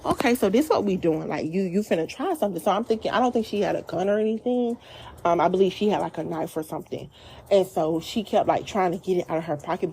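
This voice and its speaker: A woman's voice: on the low side, husky. A woman, telling a personal story in a casual vlog, animatedly acting out what she and others said. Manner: animated storyteller, quotes herself and others in dialect-rich speech.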